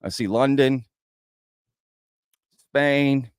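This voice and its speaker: A man's voice: on the low side, expressive, moderate pace, no echo, clean studio sound. A man with an American accent hosting a casual livestream, chatting loosely and reading out viewers' comments. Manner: chatty, reads out viewer comments, says "y'all". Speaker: livestream host.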